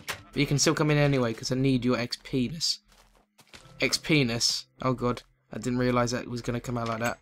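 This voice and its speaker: A man giving excitable let's play commentary, chatting to the animals in the game. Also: medium pitch, normal speed.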